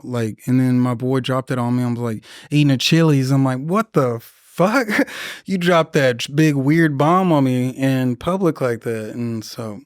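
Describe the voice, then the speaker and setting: A man's voice: medium pitch, smooth, no echo, clean studio sound. A young man, a veteran guest on a podcast, telling rambling, profanity-laced stories in casual conversation. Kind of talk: casual storytelling interview.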